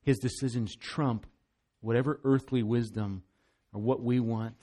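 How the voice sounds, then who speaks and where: A man's voice: medium pitch, fairly even intonation, a little slow, warm tone. Male pastor, sermon delivery, emphatic and earnest, middle-range voice. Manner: earnest, emphatic, often repeats words.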